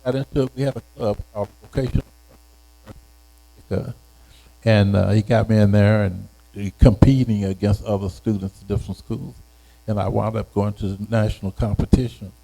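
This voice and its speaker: A man in his eighties, a retired educator, telling a personal story in an unhurried, halting way, often repeating words. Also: fairly low pitch, steady tone, creaky, dark tone, low-quality recording. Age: 80s. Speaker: retired educator being interviewed.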